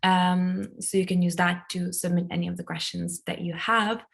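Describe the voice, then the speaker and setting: A woman with a Lithuanian accent moderating a Q and A over a video call, speaking politely and in a measured way. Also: fairly low pitch, level tone, creaky.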